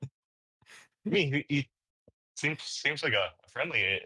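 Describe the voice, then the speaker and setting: A man's voice: on the high side, expressive, slow, sharp tone, husky, dry recording. A man playing a tabletop role-playing game in character, rambling with lots of stammers and restarts. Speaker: player.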